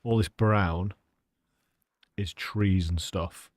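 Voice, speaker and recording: Casual streamer, low-pitched and dry-sounding, chatting loosely with chat while he plays. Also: steady tone, very slow, no echo. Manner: chatty, rambling, talks to his chat. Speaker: game streamer. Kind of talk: live gameplay commentary.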